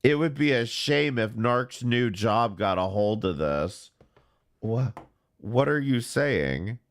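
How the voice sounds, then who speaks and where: A man hosting a commentary show, talking in a sarcastic, deadpan way. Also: mid-range voice, slow. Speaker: commentary channel host. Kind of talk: casual mocking commentary.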